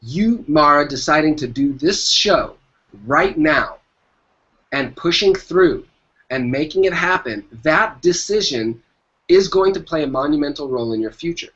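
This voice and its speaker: A man's voice: on the high side, expressive, unhurried, a bit bright. A man guest in an interview, giving motivational business advice in an emphatic way and repeating his key phrases. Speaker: entrepreneur guest. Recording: dull lo-fi sound.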